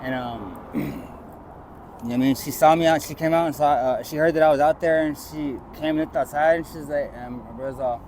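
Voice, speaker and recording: Speaking a little fast in a slightly high, darkish voice, a man recounts a rambling personal story to a street interviewer, mimicking others' words. Traffic and street noise carry through the outdoor recording.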